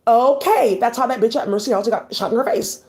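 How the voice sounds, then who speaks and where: A woman in a rambling vlog monologue, talking at a rapid clip. Her delivery is agitated and profane, and she jumps from one thought to the next without pause. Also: fairly high pitch, darkish tone.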